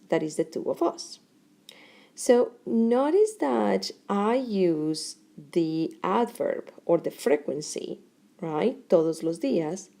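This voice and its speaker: A middle-aged woman gives a Spanish grammar lesson in English, speaking deliberately in short phrases separated by pauses. Her voice sits on the low side, creaky yet warm.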